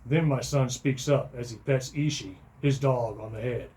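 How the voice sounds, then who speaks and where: A man's voice: mid-range voice, normal speed. A middle-aged man reading his own comic first-person story in a dry, matter-of-fact way. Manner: dry storytelling, bursts into loud shouting for quoted lines.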